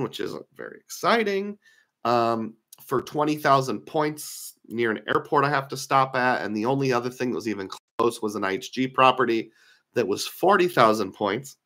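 His medium-pitched voice is a bit bright and slightly worn as he lectures casually over a screen share about credit card points. He thinks out loud, opinionated and conversational, using fillers.

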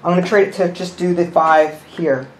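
A man hosting a board game session, explaining the rules and counting pieces out loud as he plays. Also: on the high side, normal speed. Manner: thinks aloud, counting pieces and muttering rules. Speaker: host. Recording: roomy room with faint noise.

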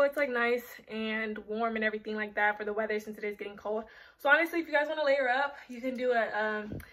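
A woman's voice: on the high side, fairly bright tone. A young woman chatting casually to camera as a fashion vlogger, rambling with lots of filler words and a little out of breath. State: slightly out of breath. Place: bedroom.

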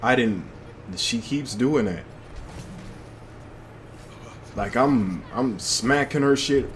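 A man's voice: medium pitch, slow pace, a little hiss or hum. A young man giving loose, slangy commentary to himself while playing a shooter game. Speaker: gaming channel host. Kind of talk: casual gameplay commentary.

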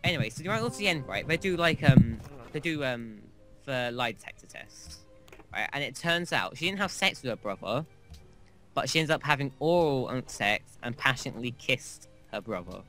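A man's voice: medium pitch, expressive, normal speed, pushed and bright, faint music behind. A man co-hosting a game playthrough, telling a long, crude anecdote in a rambling, casual way. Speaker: gaming co-host. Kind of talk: casual gameplay chat.

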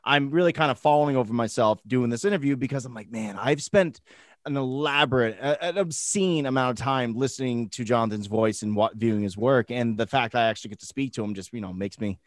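A man's voice: medium pitch, fairly quick, no room sound, studio quality. A male interview host who chats casually and eagerly, laughing easily and swearing now and then.

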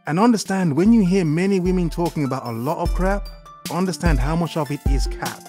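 A man's voice: fairly high pitch, lively intonation, a little fast, warm tone, faint music behind. Blunt mocking male commentator. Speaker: commentary host. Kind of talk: reaction commentary.

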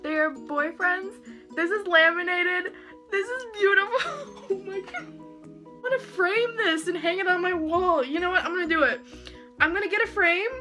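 A woman vlogger opening fan mail in a casual chat, excitable and gushing, laughing often. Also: extremely high pitch, moderate pace, music in the background. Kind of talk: casual unboxing vlog.

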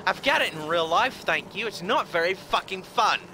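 A man's voice: high voice, animated, moderate pace, background noise. A man, commentating on his gameplay with lots of swearing, outbursts and sarcastic jokes. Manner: sweary, loud bursts of outrage and laughter. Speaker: gaming streamer. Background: game sounds.

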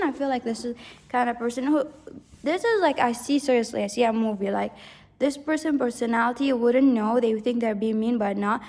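A woman with a fairly high voice leads a pick-a-card tarot reading, rambling and earnest, leaning on fillers and laughing often. Her voice sits in a long, echoey reverb. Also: a little mellow. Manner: rambling, filler-heavy, with frequent "like". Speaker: tarot reader.

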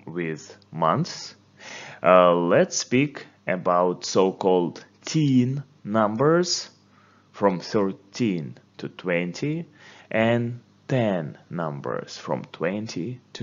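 A man teaching a beginner English lesson, speaking slowly and patiently and repeating words for learners to say along. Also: lowish voice, highs cut off. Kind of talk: slow, deliberate language lesson.

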